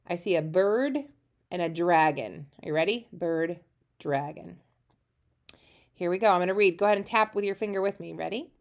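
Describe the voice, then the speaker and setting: Lady teacher doing a phonics lesson for little kids, upbeat and encouraging, mid pitch. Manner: encouraging, animated, slow when reading aloud. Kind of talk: early reading lesson for young children.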